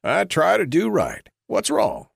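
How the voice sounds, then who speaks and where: A man's voice: on the high side, wildly swooping pitch, measured pace, creaky, breathy edge, no room sound, voice pushed up, exaggerated voice. A man voicing a glib, falsely friendly young male drifter in an old-west audiobook, with folksy talk. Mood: pleading. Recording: dry close recording.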